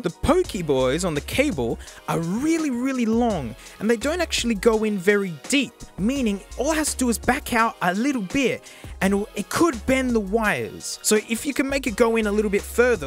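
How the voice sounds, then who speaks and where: Animated, high-voiced Aussie man. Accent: Australian. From Australia. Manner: animated, slangy, jokey. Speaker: tech reviewer and YouTuber. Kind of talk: casual gadget review vlog.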